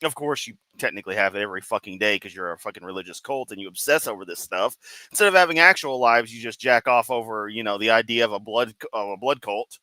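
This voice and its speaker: A man's voice: fairly low pitch, fast talker, few pauses, pushed and bright, dry recording, low-quality recording. A man giving sarcastic, profane reaction commentary as a streamer, mocking what he hears. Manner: sarcastic, mocking, swears constantly.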